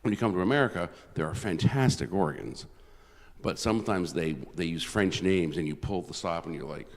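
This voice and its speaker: Inside a large church whose long reverb fills the recording, a Canadian man who plays concert organ talks fairly quickly in a low voice. His introduction is informal and self-effacing, with many false starts.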